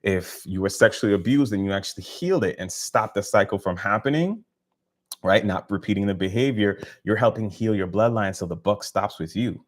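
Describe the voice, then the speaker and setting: A man's voice: on the low side, fairly quick. A man hosting a casual live stream, talking in a laid-back, slangy, encouraging way and laughing often. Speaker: live stream host, spiritual healer.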